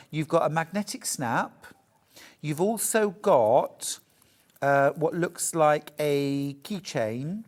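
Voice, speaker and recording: A woman's voice: low voice, a little mellow. A middle-aged woman presenting crafts on a shopping channel, chatty, jokey and upbeat as she demonstrates products live.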